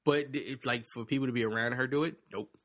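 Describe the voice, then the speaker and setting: A man with a bright, forceful voice and an ordinary pitch, talking loosely in a casual chat. He teases and tells animated stories, and he swears freely as he goes. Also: fast. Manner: profane, teasing, animated storyteller.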